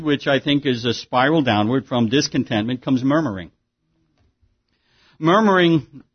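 A man with a slightly high voice preaches a sermon, talking plainly and conversationally, repeating words as he goes and asking rhetorical questions. The recording sounds dull and lo-fi. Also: slightly rough. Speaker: pastor.

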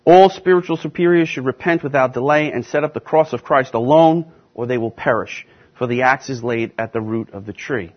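A man preaching and teaching a Bible class, emphatic and deliberate, stressing key words with slow repetition. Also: medium pitch. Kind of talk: sermon-style Bible teaching. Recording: dull lo-fi recording.

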